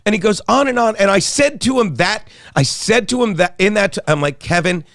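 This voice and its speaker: A man's voice: high-pitched, lively intonation, moderate pace, fairly bright tone, dry recording, studio quality. A middle-aged man from South Jersey, a comedian and guest co-host telling a long, rambling story with lots of profanity, laughing as he talks. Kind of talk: casual storytelling chat.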